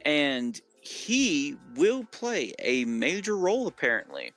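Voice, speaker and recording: A man's voice: a little high, big pitch swings, slow pace, a bit bright, soft background music. A man with a Southern US accent, rambling through game lore in casual chat with many fillers and restarts. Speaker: co-host.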